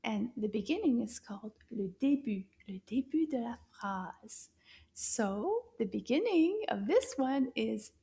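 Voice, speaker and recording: Children's French teacher, woman, high-pitched, deliberate pace, theatrical gasps and whispers. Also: big pitch swings, vocal fry, mellow. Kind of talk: children's language lesson.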